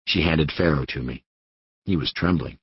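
A man narrating an audiobook in an unhurried first-person voice. His voice is extremely deep with a husky grain, recorded dry and close with a somewhat dull, muffled top end. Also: no room sound. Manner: steady first-person storytelling. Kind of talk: scripted narration.

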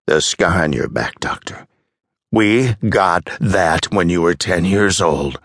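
A man's voice: low voice, expressive, slow pace, a bit bright, dry recording, studio quality, full character voice. A man voicing a frantic old male patient who pleads urgently in an audiobook.

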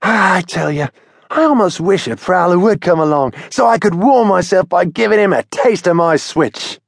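A man's voice: high voice, normal speed, vocal fry, no echo, clean studio sound, voice pushed up. A man doing a cheeky young sparrow boy. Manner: indignant, rustic slang.

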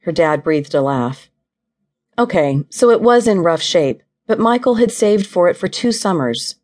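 Low-voiced woman narrating an audiobook. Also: animated, measured pace, darkish tone. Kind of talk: scripted narration of a novel.

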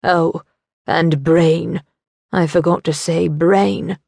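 A woman voicing a dying old man who speaks quietly, slowly and bluntly. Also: lowish voice, fairly even intonation, vocal fry, no room sound, exaggerated voice. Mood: weary. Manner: quiet, slow, matter-of-fact.

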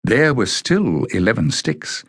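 A man narrating a children's fantasy audiobook in a measured, deliberate way. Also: medium pitch, very animated, fairly bright tone, slightly rough, no echo, clean studio sound. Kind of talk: scripted narration of a children's novel.

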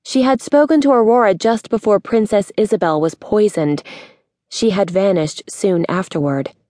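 Woman audiobook narrator: measured, even storytelling, dry studio sound. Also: mid-range voice, no echo. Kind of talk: scripted narration.

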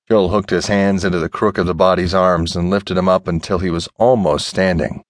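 A man narrating an audiobook in a measured, expressive reading. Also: low voice, no room sound, clean studio sound. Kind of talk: scripted narration.

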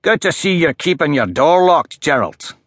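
A man voicing a calm, menacing male killer with a Scottish accent who taunts his victims in mocking, coldly cheerful tones. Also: on the high side, moderate pace, no echo, clean studio sound, voice pushed up.

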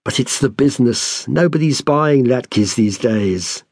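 A man's voice: medium pitch, lively intonation, measured pace, darkish tone, no room sound, studio quality. A man voicing a fawning male tenant who pleads in a theatrical way. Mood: pleading.

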